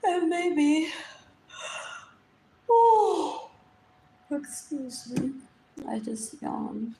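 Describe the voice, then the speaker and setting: A woman's voice: high voice, very animated, extremely slow, dark tone. A woman, rambling through a live-stream monologue, repeating herself and dropping into whispers. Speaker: livestream host. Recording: echoey room, faint background noise.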